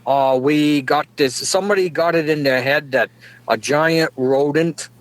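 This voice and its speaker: A man's voice: a little high, measured pace, no echo. A middle-aged man, delivering a folksy, rambling comedic monologue and chuckling at his own jokes. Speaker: comedic podcast guest.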